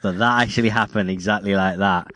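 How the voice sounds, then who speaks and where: Low-voiced man teasing his co-host. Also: fairly even intonation, fast, fairly bright tone, no echo. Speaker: podcast co-host. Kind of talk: casual chat.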